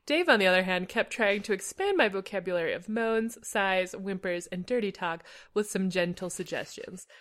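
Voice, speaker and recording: A woman's voice: mid-range voice, expressive, moderate pace, few pauses, fairly bright tone. Woman reading a story with dry humor. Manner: dry storytelling, cracks up at the text. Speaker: podcast co-host reading fan fiction. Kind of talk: comedic read-aloud.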